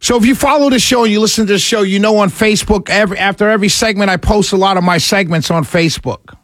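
Man, talk radio host, high voice, dry close sound, worked-up ranting, passionate. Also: quick pace, no echo. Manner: frustrated, excitable, ranting then calming himself. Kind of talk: live talk radio monologue.

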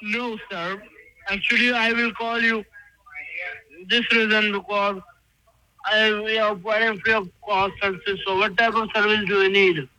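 High, bright-voiced halting male telemarketer. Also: little pitch movement, dry recording, poor audio. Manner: halting, repetitive. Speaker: telemarketer caller. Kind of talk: scripted sales pitch.

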